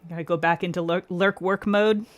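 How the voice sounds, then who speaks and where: A woman's voice: fairly low pitch, fairly even intonation, brisk, dry recording. A woman hosting a nail art livestream, chatting casually with viewers by name, laughing often and explaining her steps as she works. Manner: explains step by step while working. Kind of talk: casual live-stream chat.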